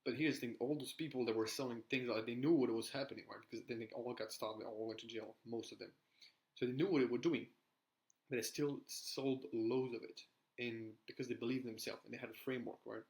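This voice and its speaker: A young man gives casual sales coaching straight to camera. His pitch sits mid-range and barely rises or falls. He rambles loosely, checking in with "right?" and often starting his sentences over. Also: fairly even intonation, fast talker, a little mellow, low-quality recording. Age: young adult. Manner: rambling, with frequent "right?" tags and restarts. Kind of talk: casual talking-head advice.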